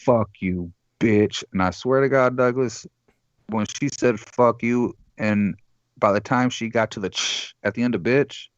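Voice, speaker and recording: Rambling, profane caller with dull audio. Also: male voice, medium pitch, fairly even intonation, moderate pace, no room sound. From Michigan, USA. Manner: profane, rambling, acts out the other people in the story. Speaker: caller guest. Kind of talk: casual storytelling.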